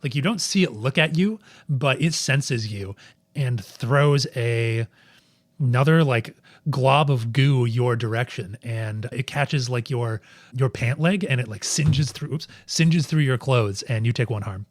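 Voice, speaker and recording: A man's voice: medium pitch, a little slow, no echo. A man narrating as game master in a tabletop game, rambling and searching for words.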